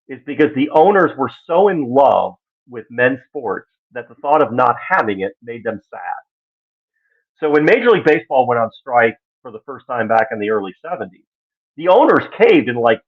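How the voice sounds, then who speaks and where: A man giving casual live-stream sports commentary, animated and exasperated, acting out the voices he quotes. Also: mid-range voice. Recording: tinny phone-like line.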